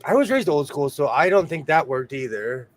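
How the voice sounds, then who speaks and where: A man hosting a casual sewing-circle chat, telling animated stories and laughing often. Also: fairly high pitch, normal speed. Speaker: host of a sewing show; single father.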